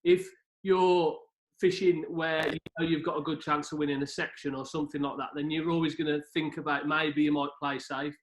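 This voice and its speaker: A man talking casually on a video call, laughing easily and often checking for agreement. His voice sits a little high. The room around him rings with echo. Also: fairly even intonation, normal speed.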